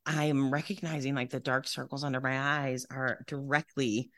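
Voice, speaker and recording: A woman's voice: very deep voice, little pitch movement, normal speed, no echo, studio quality. A middle-aged woman co-hosting a podcast, chatting casually and rambling with plenty of swearing. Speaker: podcast co-host. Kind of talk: casual chat.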